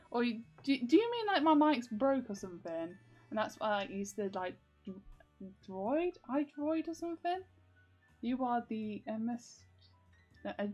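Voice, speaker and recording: A young woman chats casually to her viewers in a rambling, giggly way, peppering her talk with fillers. Her voice sits a bit high, with faint music playing behind her. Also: warm tone, highs cut off. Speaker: vlogger.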